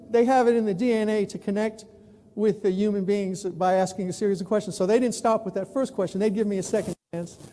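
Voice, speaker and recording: A man in his sixties from New York City, giving an animated storytelling keynote talk. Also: high-pitched. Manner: animated, acts out other people's voices. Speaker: keynote speaker, newspaper columnist. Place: large conference hall. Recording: echoey hall with long reverb.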